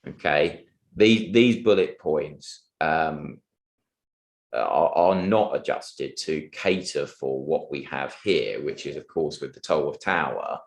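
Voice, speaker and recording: A man cross-examining a witness at a public inquiry, polite and halting, with many restarts and fillers. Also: extremely low pitch, creaky, roomy sound. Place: public inquiry hearing room.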